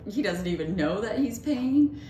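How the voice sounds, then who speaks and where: A woman co-hosting a podcast, telling stories in casual chat and acting out the people she quotes with lively jumps in her voice. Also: normal speed. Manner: animated, acts out quoted voices with big pitch jumps. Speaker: podcast co-host. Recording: echoey room with faint noise.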